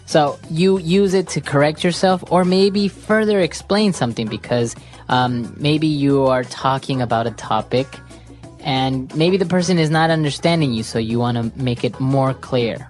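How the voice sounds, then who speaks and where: A woman co-hosting an English-learning podcast, guiding the lesson in casual chat and backing her partner with steady "mm-hmm"s. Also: rumbling low, moderate pace, faint music behind. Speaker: podcast co-host and English teacher.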